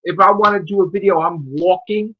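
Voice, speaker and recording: A man's voice: sits high, fairly even intonation, fairly quick, dull audio. A man, ranting profanely and mocking on a casual stream chat as host. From United States. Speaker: channel host.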